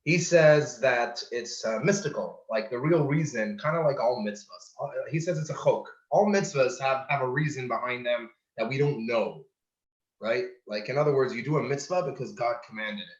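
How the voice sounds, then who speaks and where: Jokey man in an echoey gym. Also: mid-range voice. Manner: halting, many fillers and restarts, jokey. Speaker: podcast co-host. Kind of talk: casual chat with jokes. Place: large empty school gym. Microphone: computer mic on a video call. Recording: echoey gym, dull call audio.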